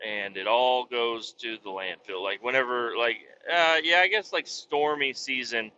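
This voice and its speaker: A man's voice: mid-range voice, unhurried, pushed and bright, lo-fi sound, slight background noise. A man talking in a casual, rambling monologue as a podcast host, cursing freely and restarting his sentences often. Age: adult with young children. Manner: rambling, profane, with many restarts. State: hiccuping.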